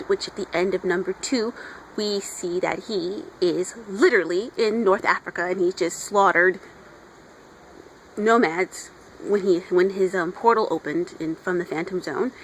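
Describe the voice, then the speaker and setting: A woman's voice: mid-range voice, fairly bright tone, low-quality recording. Woman, casual comic reviewer, enthusiastic and chatty, outdoor recording with light background noise. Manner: gushing, chatty fan talk with playful voices for characters.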